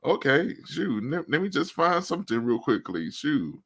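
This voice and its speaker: A man's voice: a little high, sing-song, normal speed, a bit bright, husky. A young adult man chatting casually, stammering as he cheers on a friend. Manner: stammering, encouraging banter. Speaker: co-host. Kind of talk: casual chat.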